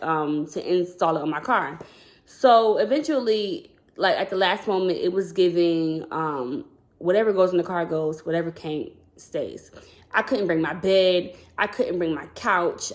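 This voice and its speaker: A woman who works as a school counselor telling a personal story to her viewers in a casual, rambling way, often calling them "y'all". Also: lowish voice. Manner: chatty, rambling, addresses viewers as "y'all", acts out quoted dialogue.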